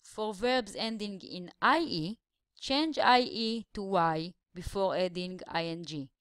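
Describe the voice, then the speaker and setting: A woman's voice: mid-range voice, lively intonation, a bit bright, no echo, clean studio sound. Woman teaching English grammar. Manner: explains slowly, stretching syllables to show stress. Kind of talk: grammar lesson voice-over.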